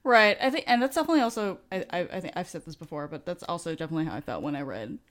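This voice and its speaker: A woman's voice: fairly low pitch, expressive, very fast. A woman co-hosting a podcast, chatting casually with lots of ums and easy laughter. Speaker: podcast co-host. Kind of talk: casual chat.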